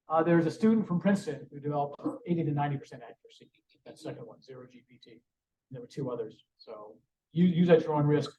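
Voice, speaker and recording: A man's voice: fairly high pitch, quick pace. A man giving a conversational conference presentation with frequent restarts. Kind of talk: conference talk. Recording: roomy, distant, dull sound.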